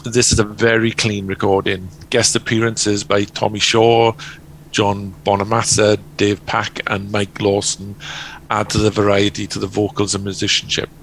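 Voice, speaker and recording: A man's voice: lowish voice, completely flat delivery, creaky, a bit bright, slight background noise, poor audio. A man giving a prepared album review, stumbling and correcting himself now and then. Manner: halting, stumbles over words.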